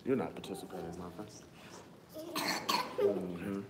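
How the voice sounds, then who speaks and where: A man's voice: low-pitched, fairly even intonation, a little slow, very noisy. A man teaching a Bible study to a small group, coaxing listeners to read before turning emphatic and preachy. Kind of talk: scripture lesson to a small group.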